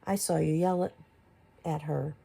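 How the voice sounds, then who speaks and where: Deep, creaky, and mellow with a breathy edge, her voice stays fairly even and unhurried. This commentary YouTuber challenges another creator through a string of rhetorical questions, growing more exasperated in her emphasis.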